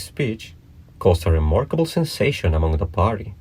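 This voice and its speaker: A man reads a storybook aloud in a measured, even way. His voice sits very low and carries a husky, slightly rough edge. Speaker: narrator.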